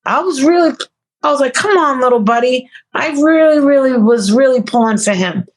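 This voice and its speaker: A woman's voice: high voice, lively intonation, moderate pace. A woman speaking as a guest in a casual interview. She is blunt and swears freely. She laughs often between her remarks.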